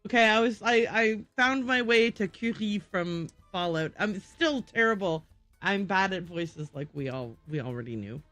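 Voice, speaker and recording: A woman's voice: mid-range voice, animated, moderate pace, fairly bright tone, dry recording, faint music behind. A woman game streamer chatting live to her viewers, giggly and self-deprecating. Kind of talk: live gaming commentary.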